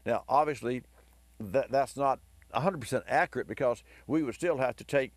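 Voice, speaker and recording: Hoarse man rambling on talk radio. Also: mid-range voice, normal speed, no echo. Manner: rambling, storytelling, enthusiastic. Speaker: host of a car advice radio show.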